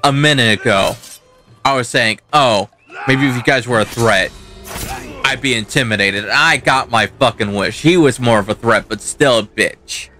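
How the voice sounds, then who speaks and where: A man's voice: mid-range voice, moderate pace, sharp tone, soft background music. A young man swearing and ranting as he comments on his own gameplay. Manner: profane, ranting, talks back to the game. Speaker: gaming channel host. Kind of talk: let's play commentary.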